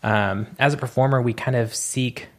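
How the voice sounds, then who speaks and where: A man's voice: mid-range voice, fairly even intonation, moderate pace, fairly bright tone. A man co-hosting a faith podcast, a stage performer reflecting in a rambling, hesitant way. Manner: rambling, lots of fillers and restarts, reflective. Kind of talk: casual reflective podcast chat.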